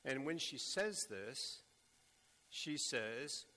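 A man preaching a sermon, speaking slowly and deliberately with bursts of urgent emphasis. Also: medium pitch, sharp tone. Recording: echoey hall with long reverb.

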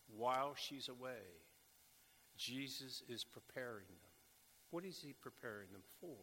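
A male preacher delivering a sermon at an unhurried, measured pace. His voice is bright and forceful, breaking into urgent emphasis at times. It rings with a long reverb, as if recorded in a large hall. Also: mid-range voice. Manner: slow, deliberate delivery with bursts of urgent emphasis.

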